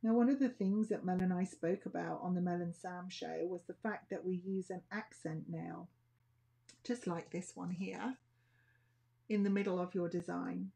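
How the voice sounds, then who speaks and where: A woman demonstrates nail art, talking slowly and casually as she thinks aloud. Her voice sits low and gravelly, with a husky, dark, mellow tone. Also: fairly even intonation. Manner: chatty, thinking aloud while working.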